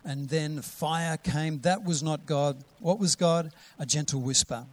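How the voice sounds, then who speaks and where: Guy preaching a sermon, kinda high voice, reads bible verses and gets louder for emphasis. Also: measured pace. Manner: drops to a soft whisper to act out a gentle voice.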